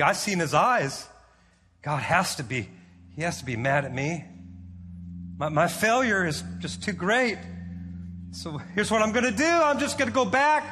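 A man voicing a distraught disciple who feels he has failed, speaking in halting, repeated phrases. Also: extremely high pitch, bright, forceful tone, big-room sound, pitched above the performer's own voice, full character voice.

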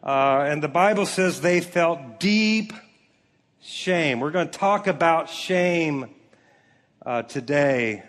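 A man preaching to a congregation with a fairly high voice. He reads scripture slowly and jokes with the crowd in an animated delivery. The sound carries a long reverb from a big hall. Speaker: pastor. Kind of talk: sermon. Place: large church auditorium.

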